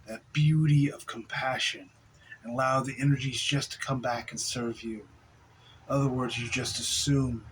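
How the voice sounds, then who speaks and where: A man giving a relaxed spiritual talk on video, laughing softly now and then and restarting his sentences. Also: mid-range voice, slight background noise, low-quality recording. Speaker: spiritual teacher.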